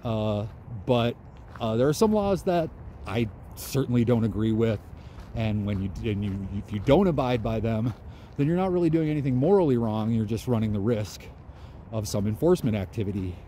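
A man's voice: fairly low pitch, animated, moderate pace, warm tone, slight background noise. A man vlogging outdoors in a park, musing in a loose, conversational way. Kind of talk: casual outdoor monologue.

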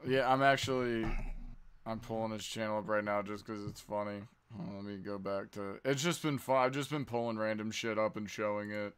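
A man's voice: fairly low pitch, steady tone, a little fast, clean tone. A man co-hosting a podcast, chiming in with brief, laid-back remarks. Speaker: co-host. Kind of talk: casual podcast chat.

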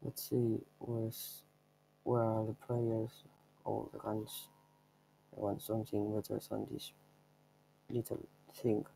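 A man's voice: lowish voice, completely flat delivery, takes it slowly, creaky, pauses often, warm tone, slight background noise, rough recording. A young man giving offhand, rambling commentary over his own gameplay, showing a trick step by step. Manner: offhand, rambling, chuckles at himself. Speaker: gameplay video maker.

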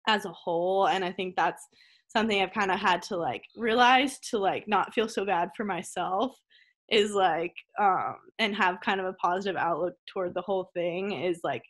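A woman's voice: mid-range voice, moderate pace. Chatty young woman on a video call. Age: young adult. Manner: chatty, heavy use of "like", laughs easily. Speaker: college tennis player, guest. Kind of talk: casual interview over video call. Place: at her family home.

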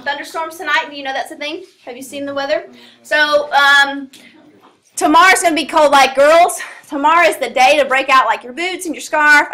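A woman's voice: high-pitched, sharp tone. A woman teacher giving a casual classroom lecture, full of fillers and asides. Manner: casual, rambling, many fillers. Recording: echoey classroom from a distance.

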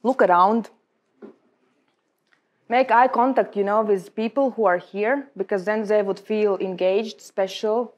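A young adult woman with a Latvian accent, giving a lecture on public speaking to a room of colleagues in emphatic, halting non-native English. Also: medium pitch, steady tone, darkish tone, highs cut off. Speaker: guest speaker.

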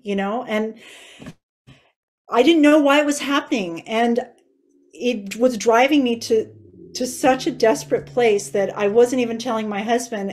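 Woman in her forties, guest giving an earnest, emotional testimony; slightly higher voice. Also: a little mellow. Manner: earnest and emotional, tearful at times. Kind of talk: personal testimony interview.

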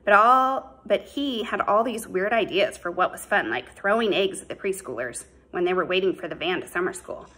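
A woman voicing a quick-tempered teenage boy in an audiobook, heated and accusing. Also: mid-range voice, lively intonation, pushed and bright, husky. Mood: defensive. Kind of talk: audiobook character voice.

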